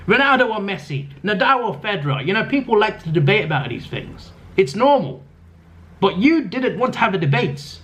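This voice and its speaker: A young man reads viewer comments aloud and picks them apart with mocking exasperation. His voice sits a little high and climbs when he lectures. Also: fairly bright tone. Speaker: YouTuber reading comments. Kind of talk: sarcastic comment-reading commentary.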